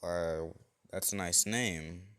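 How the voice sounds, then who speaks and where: A man's voice: deep voice, slow pace, a bit bright, dry recording. A man voicing a nervous teenage boy with no powers, who talks in a hesitant, stammering way. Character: nervous quirkless teenage boy hero fan.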